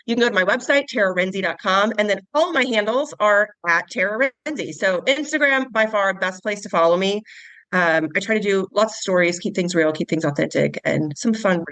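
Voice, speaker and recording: A woman's voice: medium pitch, brisk, fairly bright tone, no room sound, poor audio. A woman in her forties, a podcast guest and author, telling stories in an earnest, heartfelt way with frequent restarts. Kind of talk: casual interview chat.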